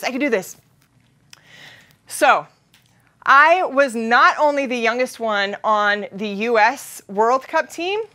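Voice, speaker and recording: A woman in her thirties from Utah giving an animated storytelling keynote, acting out voices and sound effects. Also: high voice. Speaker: keynote speaker.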